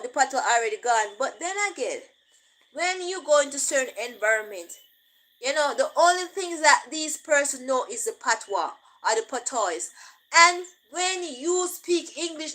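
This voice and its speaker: A Jamaican woman talks in a loose, chatty monologue. Her voice sits high and sounds bright and clear. She drifts between plain English and patois and laughs as she goes. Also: low-quality recording. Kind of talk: casual monologue.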